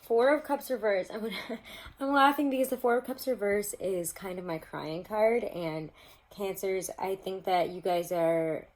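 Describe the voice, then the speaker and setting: A woman's voice: mid-range voice, unhurried, darkish tone, rough recording. A woman giving a casual tarot reading to her viewers, chatty and rambling, laughing often. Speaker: tarot reader.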